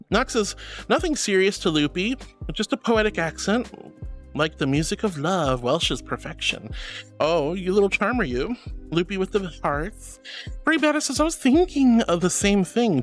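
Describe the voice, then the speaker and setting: A woman streamer reading out chat messages, affectionate and giggly, calling viewers darling and honey. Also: mid-range voice. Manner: laughs often. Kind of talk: casual live-stream chat.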